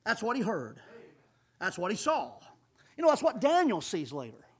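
A man preaching a sermon, emphatic, swelling loud on key phrases and calling his listeners folks. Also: high voice, huge pitch swings, normal speed, husky. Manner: calls audience folks, says amen often.

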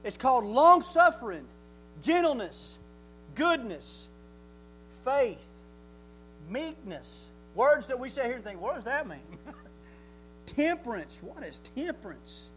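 A man's voice: very high voice, big pitch swings, slow, long pauses, fairly bright tone, a little hiss or hum. A man preaching a sermon in a folksy way, asking rhetorical questions and chuckling often.

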